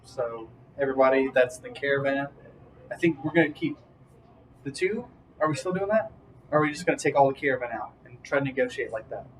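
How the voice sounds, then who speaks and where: A man's voice: medium pitch, lively intonation, brisk, slight background noise, poor audio. A man playing a tabletop game, asking hesitant questions in casual chat. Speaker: player.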